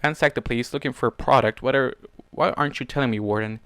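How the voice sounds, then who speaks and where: A man voicing a fierce young female changeling from a pony fan story, flat and scornful in manner. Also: mid-range voice, quick pace, clear, resonant tone, dry recording, natural voice. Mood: blunt. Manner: flat, scolding, incredulous.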